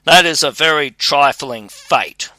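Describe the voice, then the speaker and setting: A man voicing a mighty, haughty male spirit, loud and threatening by turns. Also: medium pitch, slow pace, no room sound. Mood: menacing. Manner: loud, threatening then pleading.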